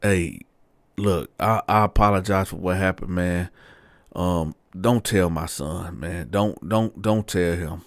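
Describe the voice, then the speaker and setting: A man's voice: low-pitched, slow, no room sound, voice pushed down. Male storyteller as an older father-in-law, stammering, pushy, leering; dry sound. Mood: nervous. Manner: stammering, repeats himself.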